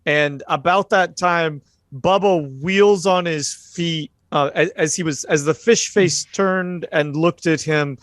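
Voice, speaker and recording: A man's voice: a little high, slow pace, fairly bright tone, dry recording. A man running a tabletop horror game as game master, narrating loosely with many fillers.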